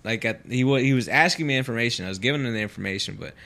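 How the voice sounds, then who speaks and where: A man's voice: mid-range voice, very fast, creaky, bright, forceful tone. A man who is a guest on a podcast, telling a story in casual chat, loose and full of fillers, swearing freely as he talks. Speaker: podcast guest, pro fighter.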